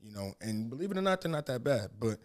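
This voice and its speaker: A man's voice: medium pitch, sing-song, fast talker. A man in his thirties co-hosting a casual podcast, telling stories in a laid-back way with profane, laughing banter and frequent restarts. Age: 30s. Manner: rambling storyteller with frequent restarts. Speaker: podcast co-host. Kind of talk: casual chat.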